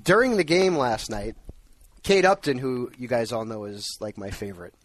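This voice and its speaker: A man's voice: mid-range voice, expressive, normal speed. A man hosting a sports radio show, chatting enthusiastically and laughing easily into a studio microphone. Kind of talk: casual sports radio chat.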